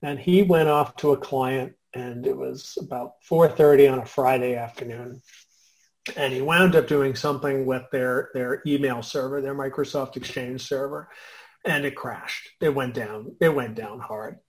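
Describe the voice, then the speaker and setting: A man hosting a conversation, telling a workplace story in a lively, conversational way. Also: mid-range voice, moderate pace, low-quality recording. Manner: lively storyteller, shifts loudness often. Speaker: podcast host and business consultant.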